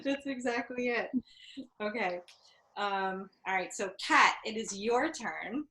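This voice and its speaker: A woman hosting a casual online spelling bee who rambles and laughs often. Her voice is bright and fairly high, with a lively, swooping pitch. The sound is echoey, as over a video call. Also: takes it slowly, a little hiss or hum. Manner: giggly, rambling. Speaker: quiz host.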